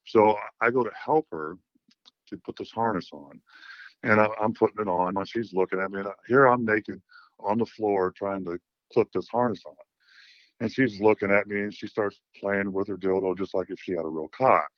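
A man's voice: lowish voice, no room sound, muffled recording. A middle-aged man calling in to a talk show, telling a frank story in a blunt, profane way with many restarts. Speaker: caller.

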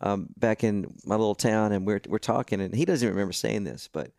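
A man's voice: on the low side, fast talker, creaky, darkish tone, dry recording, studio quality. A man telling a long story in casual podcast chat, acting out the voices of people he quotes. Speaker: guest musician.

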